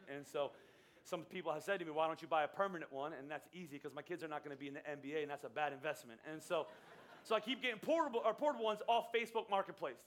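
A middle-aged man preaches in a high, bright voice. He tells his story conversationally from the pulpit and slips into the voices of the people he quotes. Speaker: pastor. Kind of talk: sermon with personal story.

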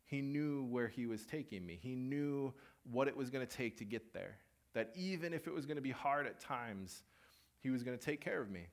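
A man's voice: mid-range voice, moderate pace. A young man giving a sermon and telling a personal story in a conversational way, acting out what people said. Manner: conversational, animated storytelling with acted-out quotes. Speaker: preacher.

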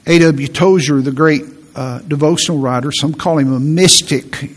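A middle-aged man preaching a sermon as pastor, earnest, often repeating phrases and slowing down for emphasis. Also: a little high.

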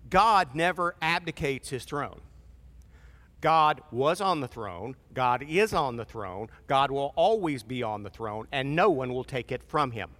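A man's voice: mid-range voice, lively intonation, measured pace, pushed and bright. A pastor preaching a sermon in a casual, conversational way, acting out voices as he goes. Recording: long reverb of a large hall.

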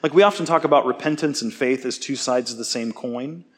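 A man giving a conversational sermon, relaxed and self-deprecating, often checking in with his listeners. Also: mid-range voice, fairly quick. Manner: casual, self-deprecating, asks "okay?" often. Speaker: preacher.

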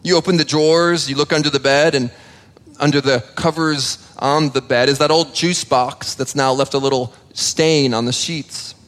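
A man delivers a sermon in a slightly high voice, talking to the congregation conversationally and tripping over his words as he goes. He acts out small exchanges between parent and child. His voice carries a long reverb like a large church sanctuary. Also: steady tone, moderate pace, fairly bright tone. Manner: conversational preaching with stammered restarts and acted dialogue. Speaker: pastor.

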